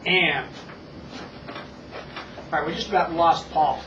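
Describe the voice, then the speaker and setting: An instructor coaching a small child in a reading drill for watching parents, patiently repeating and stretching words out slowly. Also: mid-range voice. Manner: patient, repetitive drilling with slow exaggerated words. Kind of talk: demonstration lesson for parents. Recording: echoey, distant, muffled old tape with hiss.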